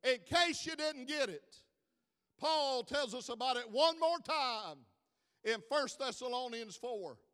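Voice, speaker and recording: High-voiced preacher in a big hall. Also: male voice, lively intonation, slow pace, pushed and bright, smooth. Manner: preaching with dramatic rises in volume. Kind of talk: sermon.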